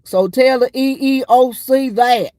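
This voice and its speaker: A woman doing a loud, brash Southern first sergeant. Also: high-pitched, a little slow, no echo, clean studio sound, voice pushed up. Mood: gruff shouting. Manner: shouting, gruff, brash.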